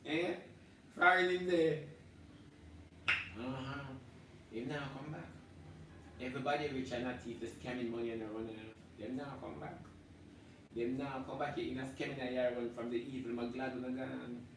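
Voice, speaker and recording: A man with a Jamaican accent ranting loudly through a live stream, swinging between shouting and low muttering. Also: fairly even intonation, normal speed, pauses often, recorded from a distance. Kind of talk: animated live-stream rant. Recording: very echoey room, voice off-mic, faint background hum.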